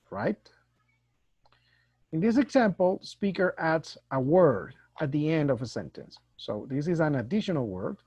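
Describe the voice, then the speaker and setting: Slow-talking male teacher. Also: fairly high pitch, very animated, darkish tone, breathy edge, dry recording. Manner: slow, mixes Spanish and English explanations. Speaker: English teacher. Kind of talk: recorded online lesson. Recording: dull dry lo-fi recording.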